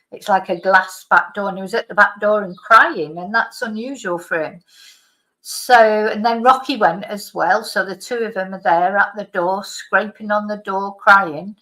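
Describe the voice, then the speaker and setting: Bright-voiced woman telling a rambling story. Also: medium pitch, poor audio. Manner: rambling, digressive, with many asides. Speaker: vlogger. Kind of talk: casual chatty storytelling. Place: at home by a computer.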